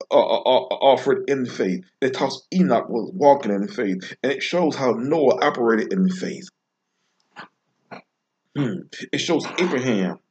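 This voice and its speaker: A man delivering an informal devotional sermon, slow and emphatic, repeating phrases with long pauses. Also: medium pitch, darkish tone. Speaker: preacher.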